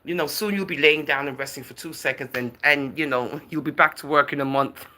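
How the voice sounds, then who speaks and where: A woman's voice: sits low, fairly quick, pushed and bright. A woman hosting a livestream in casual chat, answering viewer comments in a chatty, teasing way, often laughing and calling people darling and girl. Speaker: livestream host.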